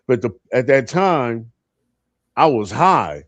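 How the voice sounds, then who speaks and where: A man's voice: mid-range voice, lively intonation, takes it slowly, no room sound, lo-fi sound. A man telling a crude, funny story in casual chat on a live stream, breaking into laughter.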